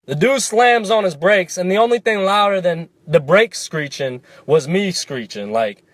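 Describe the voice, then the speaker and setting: A male vlogger telling a story to camera in a casual, animated, jokey way, cursing freely. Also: high-pitched, unhurried, dry recording.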